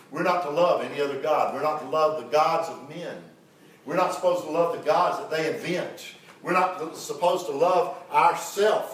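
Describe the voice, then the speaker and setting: High-voiced preacher in an echoey church. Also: male voice. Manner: preaching with call-and-response, folksy storytelling. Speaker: pastor. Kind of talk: sermon. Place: church sanctuary. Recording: very echoey church, mic far off.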